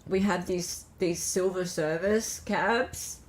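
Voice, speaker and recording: A woman's voice: lowish voice, takes it slowly. A woman hosting a live stream, chatting casually and reading out viewer comments. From Australia. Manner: chatty, reads viewer comments aloud, lots of fillers.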